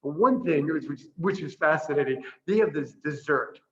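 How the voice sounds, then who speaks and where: A man with a fairly high, bright, forceful voice talks animatedly about life at an orphanage, laughing often and slipping into little voiced asides. The audio has the dull, lo-fi sound of a video call. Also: expressive, moderate pace. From Boston area. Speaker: priest and orphanage director. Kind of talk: casual video-call chat.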